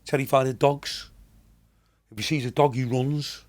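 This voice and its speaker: A man's voice: mid-range voice, fairly even intonation, moderate pace. A man in his sixties with a Liverpool accent, a comedian telling rambling, chatty anecdotes as a podcast guest. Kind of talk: casual storytelling.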